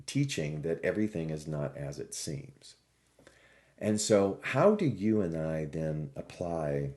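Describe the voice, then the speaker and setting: A man who teaches spirituality, telling a parable in a reflective, expressive sermon. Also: extremely low pitch. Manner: slow, reflective, expressive storytelling. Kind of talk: storytelling sermon.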